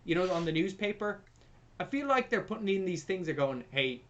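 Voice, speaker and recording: A man's voice: high voice, expressive, a little fast, dull audio. A man co-hosting a film review podcast, recapping the plot in casual, sarcastic, sweary chat.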